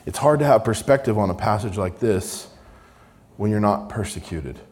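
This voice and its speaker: Low-voiced male preacher, sermon. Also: expressive, normal speed, a little mellow. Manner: reads scripture aloud with rising emphasis, dry sarcasm.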